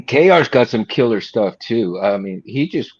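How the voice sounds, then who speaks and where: A man's voice: mid-range voice, animated, unhurried, a little mellow, slightly rough, highs cut off. A man who builds lightsabers, chatting casually and hesitantly on a livestream video call. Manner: hesitant, many fillers. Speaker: lightsaber maker.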